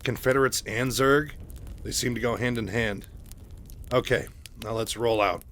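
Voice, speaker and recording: A man reading the lines of a grumpy, sarcastic male marshal, louder than his own voice. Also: medium pitch, normal speed, a little hiss or hum, natural voice.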